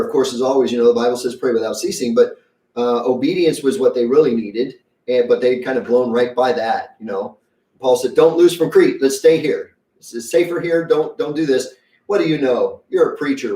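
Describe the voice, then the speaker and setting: A man's voice: medium pitch, darkish tone, echoey room, distant mic. A man preaching a sermon as pastor, conversational and folksy, acting out quotes as he goes. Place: church sanctuary.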